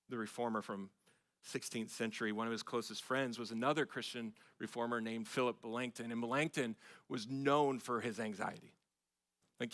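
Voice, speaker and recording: A male pastor preaching a sermon in a conversational way, with joking asides, in a church sanctuary. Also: medium pitch.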